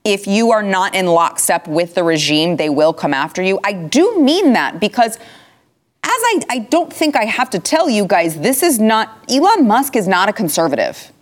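A woman's voice: medium pitch, sing-song, normal speed. A woman hosting a political talk show, speaking in an emphatic, impassioned way. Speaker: host. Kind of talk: political commentary chat.

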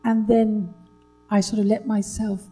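Older woman from Britain, husky, mellow low tone, halting storytelling, faint music behind. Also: little pitch movement, poor audio. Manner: hesitant, many fillers and restarts, breaks into laughter. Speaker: interview guest, actress. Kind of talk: relaxed anecdotal chat.

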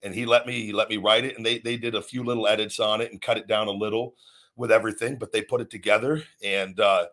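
A man's voice: fairly low pitch, fairly even intonation, fast, a bit bright. A man hosting a podcast and talking earnestly about work and confidence, rambling with many restarts. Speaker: podcast host, former wrestler. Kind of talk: motivational podcast talk.

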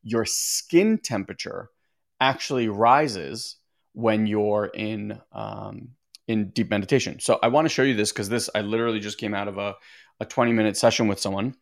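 Meditation teacher, male, lowish voice, loose conversational livestream delivery that reads out chat. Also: normal speed, vocal fry. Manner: rambling and conversational, often restarting sentences; reads out viewer comments. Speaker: meditation teacher hosting a live stream. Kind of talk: casual livestream talk to viewers.

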